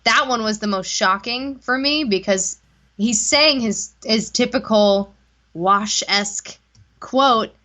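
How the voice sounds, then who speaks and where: A woman's voice: on the high side, takes it slowly, bright, forceful tone. A woman hosting a podcast in casual chat, rambling and swearing freely, with a dull lo-fi sound. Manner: profane, rambling chatter.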